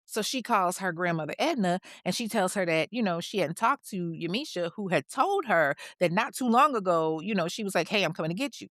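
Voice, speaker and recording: A woman's voice: fairly low pitch, expressive, brisk, few pauses, fairly bright tone, no room sound, studio quality. A woman hosting a podcast, telling a true crime story in a casual, slangy way with chatty asides.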